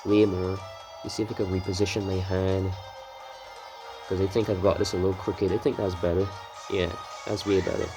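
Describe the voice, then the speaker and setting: A man's voice: low-pitched, flat delivery, moderate pace, over music. A man from Barbados giving casual, rambling commentary while playing a racing game, drifting into swearing rants. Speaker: gameplay commentator.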